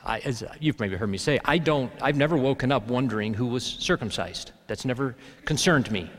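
A man's voice: mid-range voice, lively intonation, brisk, in a large hall. A man preaching a sermon in an easy, conversational way, with bursts of emphasis. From Alabama, US South. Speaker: pastor.

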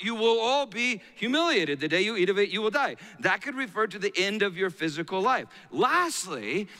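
A middle-aged man preaching a sermon as a pastor, swinging between hushed and loud passages. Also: high-pitched. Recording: long reverb of a large hall.

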